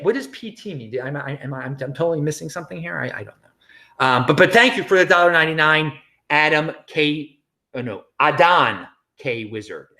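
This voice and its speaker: A middle-aged American man hosting a casual livestream, reading viewer comments in an animated, chatty way with frequent laughs and restarts. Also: on the high side. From United States. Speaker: crypto livestream host.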